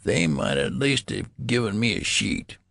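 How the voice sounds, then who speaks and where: A petulant old man in a newborn's body, voiced by a man reading an audiobook, grumbles and cackles in a raised, gravelly, swooping voice. The recording is close and dry. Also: fairly low pitch, very animated, a little slow, a bit bright, no echo, pitched above the performer's own voice, full character voice. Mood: grumbling. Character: cranky newborn in an old man's body, demanding.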